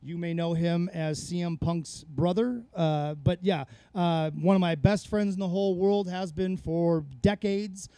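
Recorded dry on a close mic, a podcast guest spins rambling, profane stories in a casual chat. He speaks high-pitched at a measured pace with few pauses, and his tone is mellow and clean.

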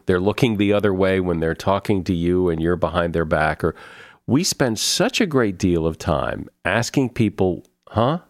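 A middle-aged male podcast host with a lowish voice, speaking in a measured, deliberate conversational manner. The recording is close and dry, with no room sound. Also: no echo. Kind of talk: conversational interview.

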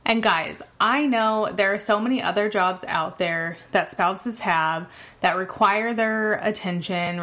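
A woman's voice: medium pitch, a bit bright. Chatty, candid woman podcast host. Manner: chatty, candid, laughs often while talking. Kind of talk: casual solo podcast talk.

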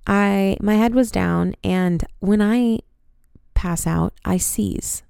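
A woman in her twenties hosts a podcast and tells a story in an animated, casual way, swearing freely. Her voice is smooth and clear. The recording is close and dry. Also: mid-range voice, takes it slowly, no room sound. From United States. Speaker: podcast host.

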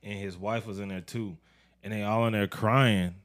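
A young man spins a casual podcast story, his voice swinging up high when he acts out what others said. He laughs often and keeps an easy, loose delivery throughout. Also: steady tone, normal speed.

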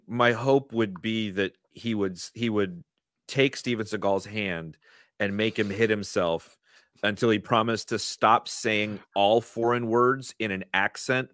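A man co-hosting a podcast, chatting casually with dry, sarcastic jokes and quick asides. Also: fairly low pitch, a bit bright, no room sound. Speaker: podcast co-host. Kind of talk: casual chat. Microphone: video call.

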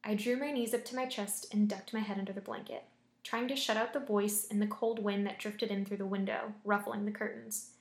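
A woman's voice: medium pitch, fairly even intonation, fairly quick. A young woman reading scary stories aloud and chatting about them between stories, using lots of fillers when she reacts. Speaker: story reader and host. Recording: roomy echo.

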